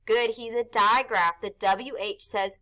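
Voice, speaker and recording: A woman's voice: a little high, fairly even intonation, unhurried, bright, forceful tone. A woman teaching an early-grade phonics lesson, patiently sounding out letters and syllables for young children.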